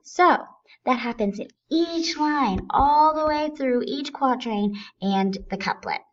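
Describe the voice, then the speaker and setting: A woman's voice: high voice, expressive, slow, highs cut off. A woman teaching a recorded lesson, explaining things step by step in a patient way.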